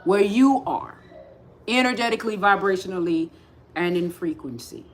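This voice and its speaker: A woman giving a slow, repetitive spiritual talk on a livestream, speaking with emphatic insistence. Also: mid-range voice, expressive, a little hiss or hum. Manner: rising to forceful insistence. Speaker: spiritual teacher.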